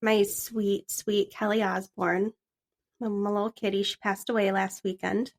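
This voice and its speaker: A woman's voice: mid-range voice, flat delivery, unhurried. A woman co-hosting a podcast in casual chat, talkative, swearing and laughing easily. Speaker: podcast co-host.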